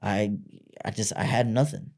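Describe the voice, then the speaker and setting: A man's voice: lowish voice, steady tone, moderate pace, gravelly, darkish tone. A man on a podcast as a guest, telling his own story candidly in blunt, profane everyday speech. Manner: blunt and profane, acts out quoted voices.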